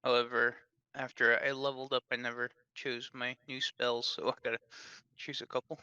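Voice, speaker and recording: A man's voice: mid-range voice, level tone, moderate pace, bright, forceful tone, clean tone, no room sound, lo-fi sound. A man playing a tabletop game, talking through his moves in a laid-back way. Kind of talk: casual chat.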